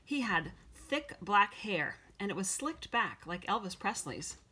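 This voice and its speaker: A woman's voice: mid-range voice, very animated, unhurried, sharp tone. A woman narrating a children's novel in the first person as an audiobook reading. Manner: clear, storytelling read-aloud. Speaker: audiobook reader.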